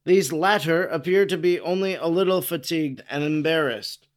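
A man narrating a religious text in a measured, formal reading. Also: on the high side.

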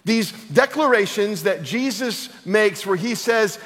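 A man's voice: high voice, expressive, unhurried, few pauses, fairly bright tone. A man preaching a sermon as pastor, emphatic and building to passionate declarations. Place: church auditorium. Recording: long reverb of a large hall.

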